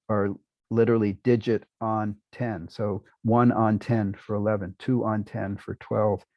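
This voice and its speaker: An older man lecturing on linguistics to a university class, pausing often with many fillers and restarts and now and then clearing his throat. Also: lowish voice, no echo, lo-fi sound. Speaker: linguistics professor.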